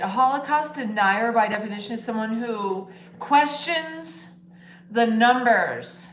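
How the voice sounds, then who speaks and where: A woman's voice: a little high, a little hiss or hum. A woman hosting a casual livestream, talking bluntly and swearing freely as she shares her opinions at home. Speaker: livestream host. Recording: roomy echo.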